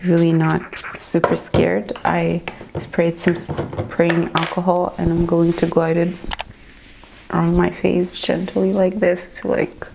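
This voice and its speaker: A woman's voice: on the low side, monotone, slow pace, creaky, background noise. A young woman in her twenties vlogging at home to camera, talking candidly and nervously about the pain she is in. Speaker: beauty vlogger. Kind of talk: casual vlog talk to camera. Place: at home indoors.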